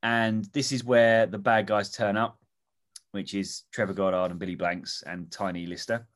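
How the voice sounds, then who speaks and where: A man's voice: lowish voice, fairly even intonation, normal speed. A man on a podcast, telling a made-up movie plot in a loose, rambling way full of ums and asides. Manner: rambling storytelling with fillers and swearing. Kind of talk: casual comedic chat.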